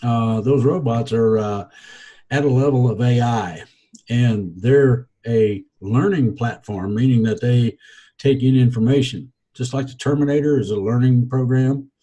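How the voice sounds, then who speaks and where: Man, husky and dark-toned, hesitant, full of fillers, dry wry humor. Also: medium pitch, a little slow, highs cut off. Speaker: guest. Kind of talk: casual podcast chat.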